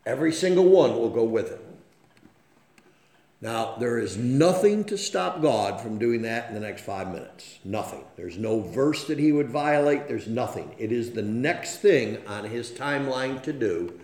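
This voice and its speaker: A man's voice: mid-range voice, animated, a little slow, darkish tone. Folksy preacher man in an echoey church. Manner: folksy, storytelling, frequent "okay?" check-ins. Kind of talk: sermon.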